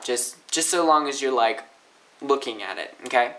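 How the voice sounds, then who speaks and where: A young man teaching linguistics in a casual, upbeat way, often swinging his pitch up and down to demonstrate. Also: expressive, moderate pace, pushed and bright, rough recording. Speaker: language teacher. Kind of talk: casual educational explainer.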